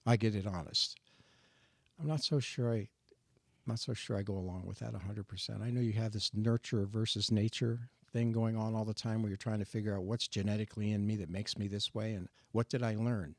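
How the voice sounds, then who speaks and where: An older man in his sixties shares his personal testimony in a faith discussion, earnest and reflective, halting now and then to restart a thought. His low voice carries a gravelly edge. The recording is dry and close, with little room sound. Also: steady tone, a little mellow, no echo. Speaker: guest sharing his testimony.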